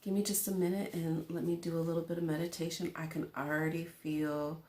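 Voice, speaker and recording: A woman's voice: low-pitched, level tone, fairly quick, warm tone, roomy sound. A woman host giving a casual tarot reading to a camera at home, rambling and chatty with lots of fillers. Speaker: tarot reader. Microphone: camera in front of her.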